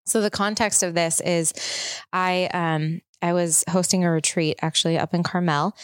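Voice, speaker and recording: A woman's voice: lowish voice, steady tone, moderate pace, clean tone, no echo, studio quality. A woman in her thirties hosting a podcast, telling a personal story in a chatty, open, reflective way. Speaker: podcast host. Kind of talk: casual chat.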